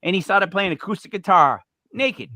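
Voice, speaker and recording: A male podcast co-host tells a long, rambling anecdote, acting out the quotes as he goes. His voice is bright and forceful and swings widely in pitch. The sound is close and dry. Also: animated, normal speed, no echo. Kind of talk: storytelling banter.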